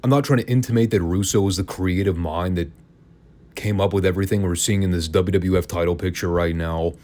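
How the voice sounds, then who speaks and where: A man's voice: deep voice, steady tone, brisk, darkish tone. A man hosting a podcast, giving a casual, opinionated and sarcastic wrestling review. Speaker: podcast host.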